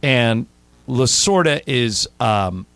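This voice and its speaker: A man hosting a sports radio show, telling anecdotes in a casual, animated way into a studio microphone. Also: medium pitch, takes it slowly, dry recording. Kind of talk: casual sports talk storytelling.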